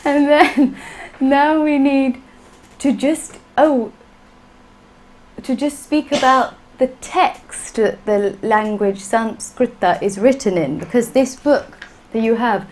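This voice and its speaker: A woman's voice: high-pitched, slow, darkish tone, a little hiss or hum, rough recording. A woman teaching a class, patient and playful, often laughing. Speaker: Sanskrit teacher. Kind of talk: classroom lesson.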